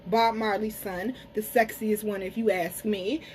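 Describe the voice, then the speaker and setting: A frank, chatty tarot and spiritual reader does a casual card reading to camera, cursing freely, calling viewers y'all, and slowing down to pronounce some words carefully. Her voice is medium-pitched, fairly even and a little mellow. The recording is rough, with a bit of hiss or hum.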